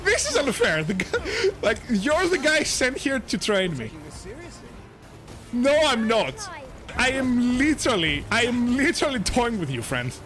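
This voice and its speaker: Woman, young adult, playful, giggly, livestream chat, swooping lively pitch. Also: unhurried, faint music behind. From Greece. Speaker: VTuber streamer. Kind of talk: casual gaming livestream chat.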